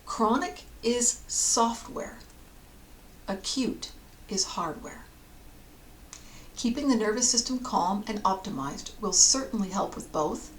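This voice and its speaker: A woman counsellor giving a calm, explanatory podcast talk, sometimes dropping to a near whisper. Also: mid-range voice, slow pace, pauses often, a little hiss or hum.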